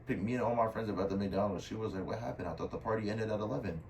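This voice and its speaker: Young dude telling a story all casual, kinda low voice, bit far from the mic w/ faint hum. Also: male voice, very fast. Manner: slangy, says "bro" and "I was like" a lot. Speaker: storytime vlogger. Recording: somewhat distant mic with faint room noise.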